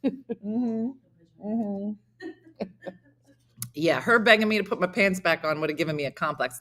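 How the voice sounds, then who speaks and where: A woman's voice: unhurried, long pauses. A middle-aged woman hosting a comedy morning show, telling funny stories and acting out the dialogue with big jumps in her voice. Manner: animated, acts out dialogue with big pitch jumps. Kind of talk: comedic storytelling chat.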